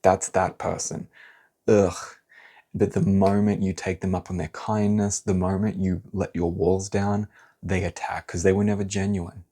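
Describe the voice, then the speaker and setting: A man doing a pick-a-card tarot reading, talking in a blunt, animated, casual way and swearing now and then. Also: low-pitched, a little slow.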